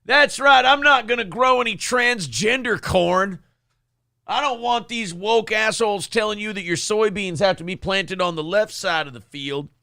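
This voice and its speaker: A man parodying a crude shouting farm politician. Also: high voice, moderate pace, no echo, studio quality, pitched above the performer's own voice. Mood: ranting. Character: loud crude older male Southern farm politician.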